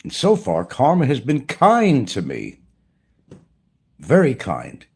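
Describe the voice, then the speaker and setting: A man's voice: mid-range voice, huge pitch swings, slow pace, gravelly, breathy edge. A man delivering a blunt, profane, preachy rant as a YouTuber. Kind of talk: ranting monologue to camera.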